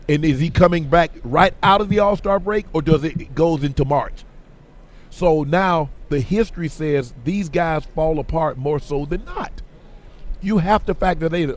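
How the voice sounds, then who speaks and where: Middle-aged male radio guest, emphatic and animated, voice going hoarse, light background hum. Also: a little high. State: voice getting hoarse. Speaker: guest, former football player. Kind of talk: radio sports interview.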